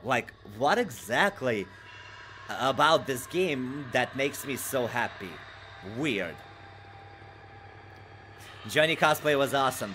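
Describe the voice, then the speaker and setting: A man streaming a horror game live, chatting casually with viewers and reading their messages aloud, swinging from low mutters to loud, excitable outbursts. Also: a little hiss or hum.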